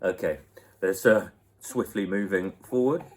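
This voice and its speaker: Husky, playful man. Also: deep voice, measured pace. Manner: playful, laughs often, chats to a baby. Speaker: host answering viewer questions. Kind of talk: casual question-and-answer chat.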